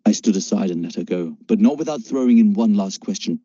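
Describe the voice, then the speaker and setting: Dark, husky male audiobook narrator. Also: fairly low pitch, fairly quick, no room sound. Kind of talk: scripted first-person narration. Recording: dull lo-fi dry recording.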